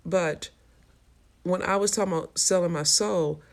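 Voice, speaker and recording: A woman with a lower, creaky voice hosts a casual livestream at a moderate pace. She answers viewer comments frankly and with streetwise attitude, swearing freely.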